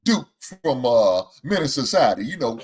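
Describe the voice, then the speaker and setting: With a mid-range voice at normal speed, this sports talk host keeps things casual, tossing out Southern American slang, exclaiming excitedly, and laughing often.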